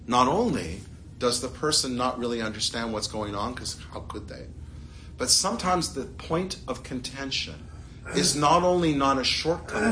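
A man teaching a Torah class, his voice swooping up and down with animation. His tone is bright and forceful, and he keeps throwing rhetorical questions and playful asides at his listeners. A faint hum of room ambience sits behind him. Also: medium pitch.

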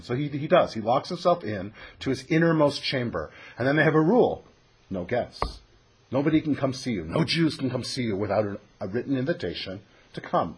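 A man teaching a text study, telling the story in a lively way and reading sources aloud. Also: mid-range voice, breathy edge. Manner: animated storytelling, acts out voices, reads sources aloud.

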